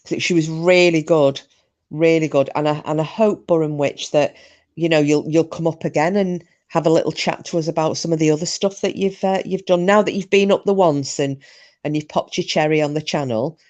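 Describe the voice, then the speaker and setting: A woman's voice: deep voice, steady tone, brisk, a little mellow. A woman hosting a live stream, chatting casually and rambling, with frequent restarts. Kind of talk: casual chat.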